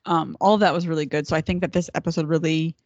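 A woman talks through a TV episode in easy, excited chat, laughing between her points. Her voice sits a little low. The audio is dry and a bit muffled, with no room sound. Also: fast talker, no echo. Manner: chatty, enthusiastic, laughs often, jumps into quoted voices. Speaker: podcast co-host. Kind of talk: casual TV recap chat.

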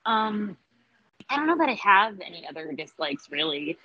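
A woman chatting casually about a TV episode, sarcastic and animated, laughing often and acting out quotes. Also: medium pitch, normal speed, slightly rough, dry recording, lo-fi sound. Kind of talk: casual TV episode review chat.

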